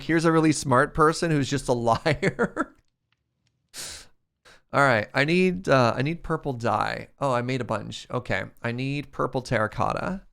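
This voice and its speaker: A man's voice: medium pitch, a bit bright. A man streamer chatting casually with his chat while playing a game, laughing often.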